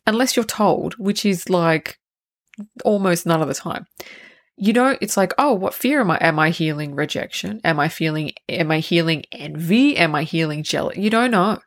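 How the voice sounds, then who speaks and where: A woman hosting her own solo spiritual podcast, talking candidly and rambling, with casual swearing and frequent restarts. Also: fairly low pitch. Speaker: podcast host.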